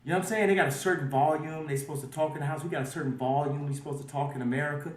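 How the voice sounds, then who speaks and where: A man being interviewed, talking emphatically and swinging between quiet and loud. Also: fairly high pitch, fairly even intonation, rapid-fire. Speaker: interview guest. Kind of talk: animated interview talk. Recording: roomy audio from far off.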